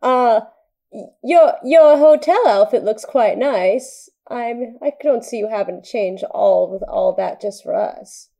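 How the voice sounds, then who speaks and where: A woman's voice: a little high, unhurried, gravelly, warm tone. A woman playing a tabletop game in casual chat, hesitant and teasing. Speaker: player.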